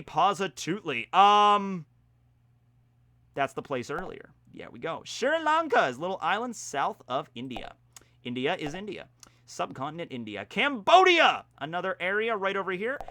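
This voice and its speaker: A young vlogger from Pennsylvania, USA, rambles casually while playing a geography quiz, tossing in jokey, self-deprecating asides. His voice is fairly high, very animated, pushed and bright, at a moderate pace.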